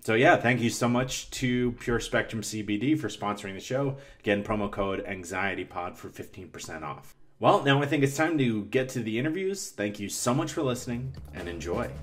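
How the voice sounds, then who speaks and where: A man's voice: fairly low pitch, animated, normal speed, a bit bright. Rambling man hosting a podcast. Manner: rambling, self-correcting, chatty. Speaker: podcast host. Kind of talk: casual podcast chat and ad read.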